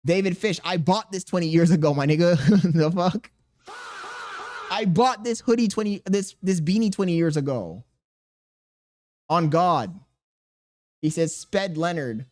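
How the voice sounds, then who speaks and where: A man's voice: sits high, unhurried, pauses often, darkish tone. A man in his thirties streaming live, reading viewers' chat aloud and answering with crude jokes and laughter. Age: 30s.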